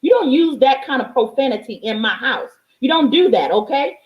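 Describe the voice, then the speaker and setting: A woman, a life coach and mother, speaks straight to her viewers in a forceful, preachy monologue. She repeats key lines for emphasis and swears freely. Her voice sits a bit high, and the room around her is echoey. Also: lively intonation, a little fast, hardly any pauses, highs cut off. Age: adult, parent of a young child. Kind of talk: motivational vlog monologue.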